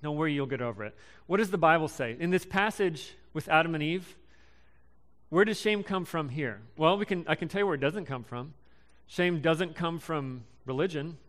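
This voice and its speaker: A young man in his twenties giving a casual sermon, halting and full of ums and restarts. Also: fairly high pitch, a bit bright. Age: young adult. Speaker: preacher.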